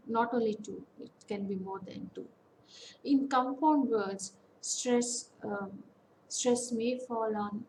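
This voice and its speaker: A woman with an Indian English accent, an academic counsellor giving a methodical online lecture on English word stress and repeating each example word slowly. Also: medium pitch, a little mellow, a little hiss or hum, poor audio.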